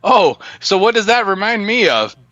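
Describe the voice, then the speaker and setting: A man's voice: high voice, very animated, moderate pace, bright, forceful tone, no echo, lo-fi sound. A man co-hosting a comedy podcast, teasing and giggling, often stammering. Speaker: podcast co-host. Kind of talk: comedic banter.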